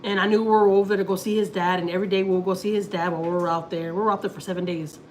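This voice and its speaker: A woman's voice: on the low side, steady tone, rapid-fire, darkish tone, slight background noise. A woman from Houston in her thirties, chatting casually on a family livestream and rambling through a personal story as she acts out what people said. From Houston, Texas.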